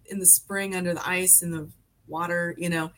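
A woman's voice: fairly low pitch, little pitch movement, moderate pace, a bit bright. A woman in her forties, a podcast guest from Alaska, chatting in a rambling way full of fillers and restarts. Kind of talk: casual conversation.

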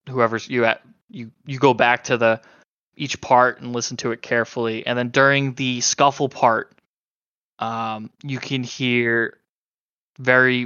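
A man runs a tabletop horror game at an unhurried pace, pausing often and filling the gaps with ums. His voice is bright and smooth but sounds a little dull and lo-fi, in a dry room. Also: medium pitch, no echo. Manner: halting, hesitant narration with many fillers. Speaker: game master.

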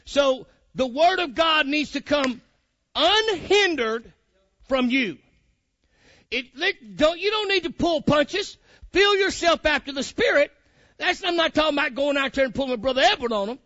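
A man's voice: very high-pitched, expressive, moderate pace, pushed and bright, dry recording. A man preaching a sermon, fiery and colloquial, calling out to his congregation. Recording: muffled lo-fi recording.

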